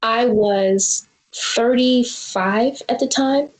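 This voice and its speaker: A woman in her forties shares a personal story as an interview guest, earnest and reflective. Her voice sits a little high for a woman. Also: drawn-out words, echoey room, low-quality recording. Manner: earnest, reflective, acts out quoted dialogue. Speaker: guest filmmaker.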